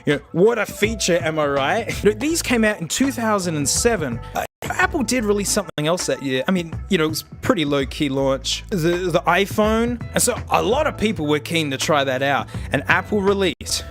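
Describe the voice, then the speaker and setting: A young Australian man giving excitable, jokey commentary while showing old gadgets. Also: high voice, moderate pace, faint music behind. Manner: excitable, jokey, bursts into laughter. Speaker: tech reviewer. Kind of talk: casual video commentary.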